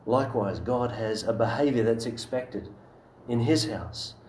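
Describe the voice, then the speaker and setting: Male preacher, mid-pitched, emphatic and earnest, in a reverberant church room. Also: a little slow, a little mellow, a little hiss or hum. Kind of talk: sermon.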